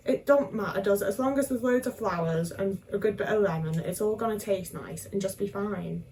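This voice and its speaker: A woman's voice: mid-range voice, a little fast, a little mellow, distant mic, slight background noise, low-quality recording. A young woman, chatting casually and self-mockingly while she cooks at home, tagging questions onto her sentences. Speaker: vlogger. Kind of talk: casual cooking vlog chat.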